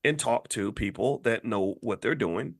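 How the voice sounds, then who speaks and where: A man hosting an impassioned opinion commentary, swinging from low muttering to high outbursts. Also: measured pace, gravelly. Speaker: host.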